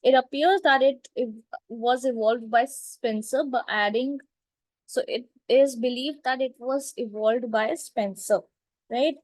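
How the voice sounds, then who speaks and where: A woman teaching literature terms, repeating each point slowly and checking with "right?" and "clear?". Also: a little high, dry recording, rough recording. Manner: slow, repetitive, checks understanding with "right?" and "clear?". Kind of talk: classroom lecture.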